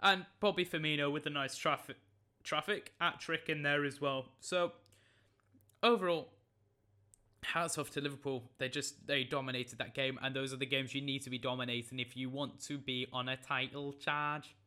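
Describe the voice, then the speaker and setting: A man's voice: medium pitch, steady tone, normal speed, sharp tone, clear, resonant tone. A young man recapping football results in a jokey, rambling way, often correcting himself. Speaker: football vlogger. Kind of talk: casual match recap.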